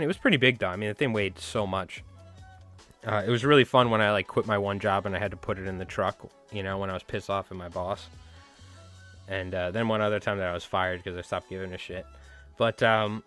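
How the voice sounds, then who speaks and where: Brief: casual male stream host, lowish voice, rambling and profane, soft music underneath. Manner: rambling, swearing, chatty, talks to viewers. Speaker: fly tying livestream host. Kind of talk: casual livestream chat while tying.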